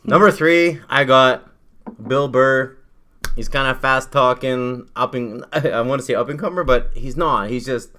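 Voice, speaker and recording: A man's voice: medium pitch, unhurried, sharp tone. A man co-hosting a casual chat, rambling with lots of fillers and jokes. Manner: rambling, filler-heavy, joking. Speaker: podcast co-host.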